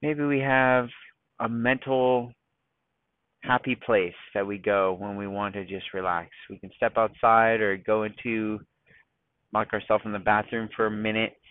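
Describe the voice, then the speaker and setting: A man hosting a casual solo podcast, talking in a rambling, self-mocking way and deliberately slowing into a calm voice. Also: on the low side, no room sound. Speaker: podcast host. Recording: dry, thin phone-like sound.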